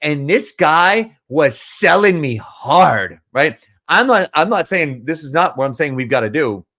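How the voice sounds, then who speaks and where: A man's voice: fairly high pitch, expressive, measured pace, a bit bright. Rambling man, earnest coach monologue. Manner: rambling, with many restarts and repeated words; emphatic and earnest. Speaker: business coach. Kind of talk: casual storytelling monologue.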